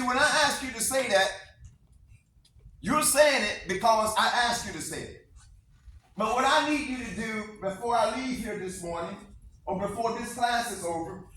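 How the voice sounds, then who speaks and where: A man with a high voice delivers a motivational talk to students, driving home each point with repetition and call-and-response. He is caught from a distance in a strongly echoing classroom, with a faint hiss of noise underneath. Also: a bit bright. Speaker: motivational speaker. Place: school classroom.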